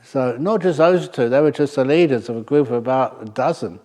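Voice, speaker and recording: Male monk, mid-pitched, dry humor, rambling anecdotal delivery to a retreat audience. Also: darkish tone. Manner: wry, anecdotal, pauses with fillers. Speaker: Buddhist monk teaching a meditation retreat. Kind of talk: humorous storytelling dharma talk.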